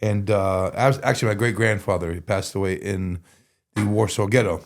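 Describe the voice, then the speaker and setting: A man's voice: fairly low pitch, fairly even intonation, brisk, slight background noise. Rambling male podcast guest. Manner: rambling, full of "like" and restarts. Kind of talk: casual storytelling.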